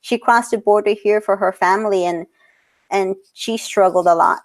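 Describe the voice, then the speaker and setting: Brief: thirties woman, interview guest, earnest, quick to laugh, mid-pitched, slips Spanish words into English. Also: steady tone. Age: 30s. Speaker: guest, portrait photographer. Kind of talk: casual interview talk.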